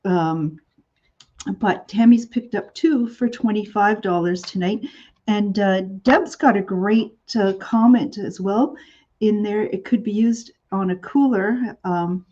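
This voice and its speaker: A woman's voice: mid-range voice, takes it slowly, mellow, dull audio. A woman hosting a live shopping show, chatting in a rambling way with many fillers.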